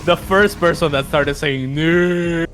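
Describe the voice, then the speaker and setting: A man's voice: mid-range voice, animated, a little fast, a crowd in the background. A man giving friendly, analytical color commentary on a live esports match. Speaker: esports co-caster.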